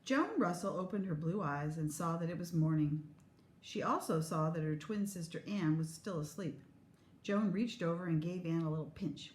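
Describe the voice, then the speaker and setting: A woman teacher reads a children's storybook aloud. Her delivery is lively and expressive. The recording has a roomy echo. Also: fairly low pitch, moderate pace, a little hiss or hum. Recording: echoey room.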